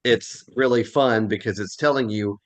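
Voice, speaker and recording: A man's voice: lowish voice, normal speed. A man with a Southern US accent leading a casual class discussion, telling stories and laughing often. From American South. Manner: animated storyteller, laughs often. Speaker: Bible class teacher.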